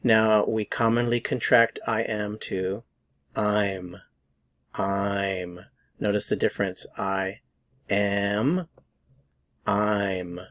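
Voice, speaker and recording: Man, American accent, pronunciation teacher, slow and patient, lowish voice, dry close sound. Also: level tone, fairly bright tone, no room sound. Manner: patient, repeats words slowly for practice. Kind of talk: slow, deliberate pronunciation lesson.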